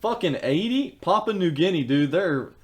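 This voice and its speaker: A man's voice: high-pitched, lively intonation, moderate pace. A young man co-hosting a podcast, laid-back and casual, with offhand swearing. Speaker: podcast co-host. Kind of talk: casual chat.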